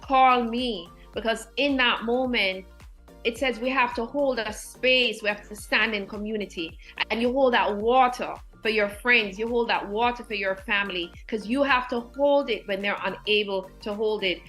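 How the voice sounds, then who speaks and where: A woman's voice: fairly high pitch, normal speed, a bit bright, faint music behind, poor audio. A woman guest educator telling personal stories in an earnest, heartfelt, faith-filled way, emotional and near tears.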